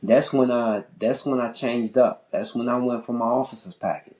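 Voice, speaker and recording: A man on a podcast telling a long story in casual chat. He talks in an animated, profane way, often repeating and restarting his phrases. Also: moderate pace, low-quality recording. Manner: animated, profane, pitch jumping high when worked up. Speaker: podcast host.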